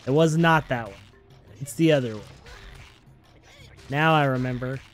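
A man's voice: mid-range voice, a little slow, soft background music. A man hosting a gaming channel, giving upbeat, chatty let's-play commentary and talking playfully to his viewers.

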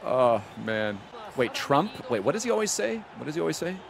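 A laid-back young man streaming a game and talking easily to his chat. His voice sits a bit high and moves a lot, and faint noise runs behind him. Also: very animated, moderate pace, creaky. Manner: laid-back, chatty, drops to a hush. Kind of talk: casual chat with stream viewers.

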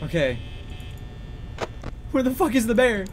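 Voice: mid-range voice, very animated, measured pace, a little hiss or hum. A streamer playing a horror game live, panicking, swearing, giggling nervously and greeting chat between scares. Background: game music and sounds.

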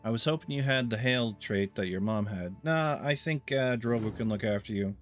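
A man's voice: medium pitch, moderate pace, faint music behind. Wry, rambling man narrating gameplay. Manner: rambling and wry, with many fillers. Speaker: let's play host. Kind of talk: casual gameplay commentary.

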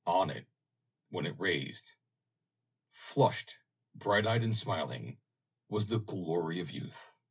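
A man reading an audiobook, narrating in a measured, expressive way. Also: low-pitched, gravelly, slightly rough.

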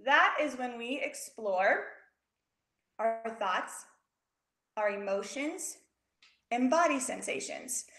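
A woman teaching young children online in a chatty, upbeat way, openly nervous and excited. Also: fairly high pitch, reverberant. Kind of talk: virtual lesson for young children. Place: home room with a big window.

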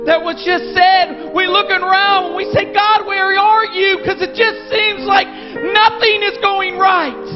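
A man preaching a fervent sermon and praying, his voice rising to shouts. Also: very high-pitched, steady tone, unhurried, hardly any pauses. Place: church sanctuary. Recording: dull sound in a long-reverb church hall. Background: loud worship music.

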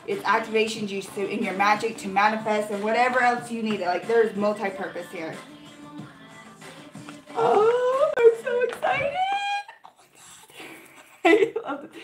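A young adult woman vlogger chatting casually through an unboxing, gushing and excitable, with lots of 'like' fillers. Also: mid-range voice. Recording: roomy echo with faint music.

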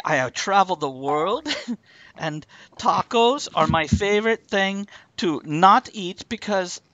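A man's voice: on the low side, creaky, bright, forceful tone, slightly rough, no echo, full character voice, poor audio. A man improvising a flamboyant, vain actor with a put-on Spanish-style accent, giving a rambling acceptance speech and calling everyone darling.

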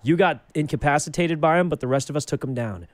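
A man with a slightly high voice, talking in character during a game roleplay. he sounds scheming and persuasive, and he rattles off plans and cover stories quickly to his friends. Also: no echo. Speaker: streamer playing a character.

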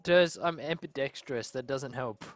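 A man's voice: medium pitch, normal speed. A young man chatting crudely and joking with friends over voice chat while streaming a game, laughing often. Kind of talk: casual chat with friends on voice call.

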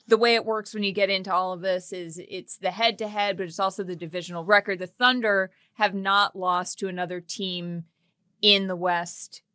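A woman in her thirties co-hosting a sports podcast, chatting casually with playful, quick banter. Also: medium pitch, pushed and bright, dry recording. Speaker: co-host.

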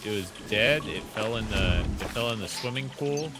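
A man's voice: lowish voice, lively intonation, moderate pace. A man chatting casually while gaming with friends, telling stories in a laid-back, dry way. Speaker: co-player. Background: game music.

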